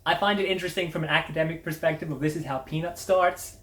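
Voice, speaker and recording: A woman's voice: sits low, steady tone, quick pace, a bit bright. A woman hosting a casual media review, blunt, sardonic and full of swearing. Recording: roomy echo.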